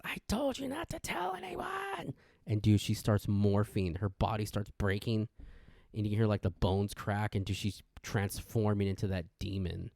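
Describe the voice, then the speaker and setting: A man hosting a podcast, rambling through a casual intro rant and jumping into sudden excitement. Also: on the low side, dry recording, clean studio sound. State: wired on energy drink. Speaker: podcast host.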